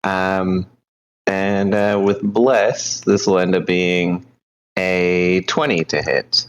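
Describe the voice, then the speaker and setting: A man's voice: sits low, level tone, slight background noise, poor audio. A man playing a tabletop game, talking casually and hesitantly. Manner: hesitant, many pauses. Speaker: player.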